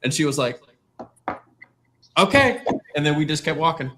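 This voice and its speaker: A man's voice: a little high, flat delivery, rapid-fire, background noise. Self-mocking man telling a climb story. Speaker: climb team member. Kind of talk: casual storytelling.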